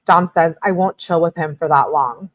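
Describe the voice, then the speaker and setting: A woman with a slightly low-pitched voice reads a long string of text messages aloud for a true-crime commentary. Her delivery is plain and steady, and she stops now and then for exasperated asides to her viewers. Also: normal speed.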